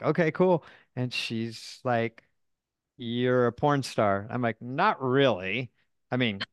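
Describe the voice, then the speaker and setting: A man's voice: medium pitch, clean tone, no echo, studio quality. A man talking frankly and casually, rambling through stories with self-deprecating asides. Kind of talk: candid casual chat.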